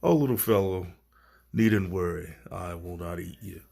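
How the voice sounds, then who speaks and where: A man's voice: low voice, a little slow, gravelly, dark tone, slightly rough, exaggerated voice. A man voicing a sly male snake in a told fable, making falsely soothing promises. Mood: reassuring. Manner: falsely reassuring.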